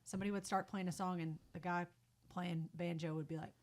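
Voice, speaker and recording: A woman's voice: on the low side, steady tone, a little fast, a little mellow. A young woman, a singer-songwriter chatting as a podcast guest who laughs often and acts out quotes. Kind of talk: casual podcast chat.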